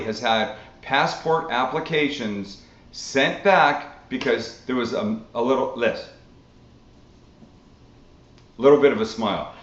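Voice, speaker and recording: This is a man from Canada hosting a casual live-stream cooking Q&A, chatty and animated with the odd curse thrown in. His middle-range voice rings around a roomy space. The recording has a dull, lo-fi sound. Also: mid-range voice. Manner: animated, swearing, chatty storytelling. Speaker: cooking show host.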